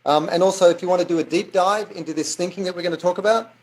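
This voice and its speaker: An Australian man speaking as a podcast guest, his voice a bit higher than most. He explains things in an upbeat, chatty way. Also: very fast, darkish tone, rough recording. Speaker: guest, business author. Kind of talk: casual interview chat.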